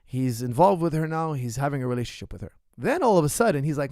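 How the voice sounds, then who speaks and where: A man's voice: medium pitch, expressive, quick pace, darkish tone, no room sound, studio quality. A man coaching in an ask-me-anything session, speaking bluntly and emphatically and repeating his points straight to the viewer. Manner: addresses the viewer directly. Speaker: martial arts coach.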